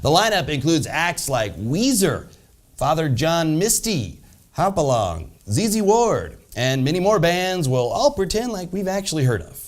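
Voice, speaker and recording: Animated goofy man co-anchoring comedy news. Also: fairly high pitch, unhurried. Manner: goofy, bumbling, gets carried away. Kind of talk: satirical news sketch.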